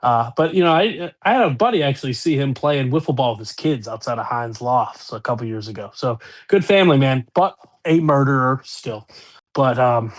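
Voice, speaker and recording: A man's voice: mid-range voice, lively intonation, moderate pace. A man with a Pittsburgh accent co-hosting a sports podcast, talking in rambling, profane, laughing banter. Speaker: podcast co-host. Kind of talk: casual sports chat.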